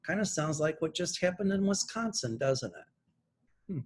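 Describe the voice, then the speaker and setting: Facing the camera, a male psychic reads channeled messages off his notes with earnest emphasis. His slightly rough voice sits a little high and sounds expressive as he delivers deliberate, pointed political remarks in monologue form.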